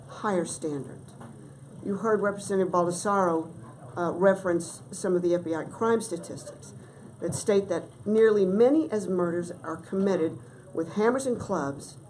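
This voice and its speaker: A middle-aged woman giving formal testimony at a legislative hearing, measured and emphatic, stressing key words. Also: on the low side, a little mellow, a little hiss or hum, rough recording. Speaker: testifying witness.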